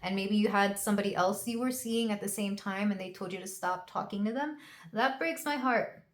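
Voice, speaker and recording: A woman's voice: medium pitch, brisk, a little hiss or hum. Young woman doing a tarot reading, rambly and emotional, lots of ums, kinda echoey room. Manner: emotional, rambling, with many fillers and restarts. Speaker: tarot reader. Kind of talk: casual tarot reading to camera. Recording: roomy echo.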